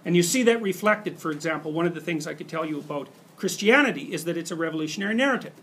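A man's voice: fairly high pitch, animated, racing, fairly bright tone, slight background noise. A middle-aged man giving a university lecture, talking conversationally and acting out examples with quoted inner voices. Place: lecture hall.

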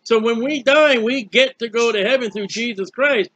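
A man delivers a Bible teaching sermon in a high voice, folksy and emphatic, often asking a question and answering it himself. The recording is dry and dull, with a muffled lo-fi sound. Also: normal speed, a bit bright, dry recording. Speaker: preacher.

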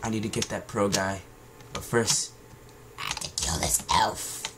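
A man's voice: on the low side, unhurried, background noise. A man casually commentating while playing a game, joking, swearing and humming sound effects. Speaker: gamer. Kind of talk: casual let's-play commentary.

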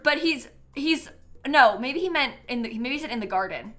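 A young adult woman chatting casually on a live stream, animated and prone to breaking into laughter. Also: sits high, normal speed, soft background music.

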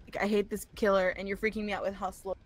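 A woman chatting casually while playing a co-op game, laughing often and shouting urgent directions to her partner. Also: mid-range voice, level tone, fast. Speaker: gaming channel co-host. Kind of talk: casual co-op gaming chat.

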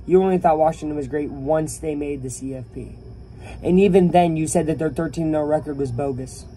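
Animated young man ranting about sports. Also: on the high side, fairly quick, slight background noise. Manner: animated, opinionated, talks to viewers. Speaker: YouTuber. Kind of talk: casual sports rant to camera.

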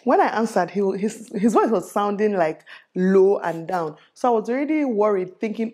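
With a medium-pitched, expressive voice of dark tone at a normal speed, a Nigerian beauty vlogger in her thirties tells a story while styling a wig. Her chat is casual and full of frequent laughter.

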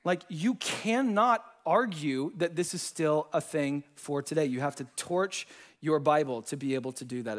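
A man preaching a sermon and telling personal testimonies in a casual, slangy, animated way. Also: fairly high pitch, moderate pace. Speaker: pastor.

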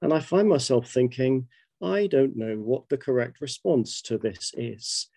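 A British man in his fifties, a bishop giving a measured, reflective webinar talk with personal anecdotes. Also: medium pitch, gravelly, warm tone, no echo. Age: 50s.

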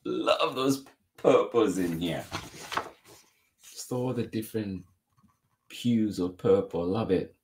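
A man's voice: lowish voice, takes it slowly, long pauses, a little mellow, a little hiss or hum. A man reading a children's picture book aloud, chuckling often and adding exclamations between pages. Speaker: children's story reader.

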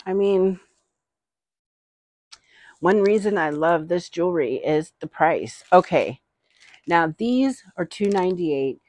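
Slow-talking, giggly middle-aged woman. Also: deep voice, darkish tone, no echo. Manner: chatty, giggly, rambling. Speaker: vlogger. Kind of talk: casual haul chat.

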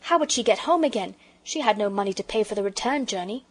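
A woman reads a classic children's book aloud. Her voice sits at an ordinary middle pitch for a woman. The delivery is steady and expressive, made for storybook narration. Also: fast talker. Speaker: audiobook narrator.

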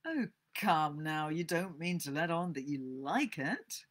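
A woman voicing a brash, teasing boy who shouts steamboat orders and mocks his friend. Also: sits low, animated, a little slow. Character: cocky boy playing a steamboat.

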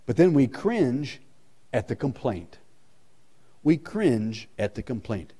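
A man's voice: medium pitch, sing-song, slow pace, dark tone, breathy edge. A male pastor preaching a sermon with emphasis, repeating his key lines.

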